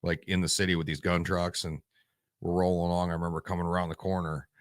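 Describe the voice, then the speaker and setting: A man's voice: deep voice, little pitch movement, quick pace, dry recording, clean studio sound. A man in his forties from Michigan, a veteran guest telling stories bluntly and with lots of swearing in a casual interview. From Michigan, USA. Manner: blunt and profane, rambling.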